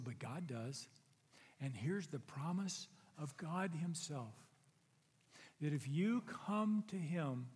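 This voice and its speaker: High-voiced man preaching in a hall. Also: a little mellow, breathy edge. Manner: earnest, conversational preaching with rising emphatic peaks. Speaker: pastor. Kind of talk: sermon. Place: church sanctuary. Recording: long reverb of a large hall.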